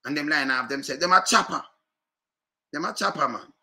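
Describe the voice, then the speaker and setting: Fired-up Jamaican man, bright sharp voice. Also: fairly high pitch, brisk. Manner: repetitive, fired-up, rhetorical questions. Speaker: commentator. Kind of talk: casual rant to viewers.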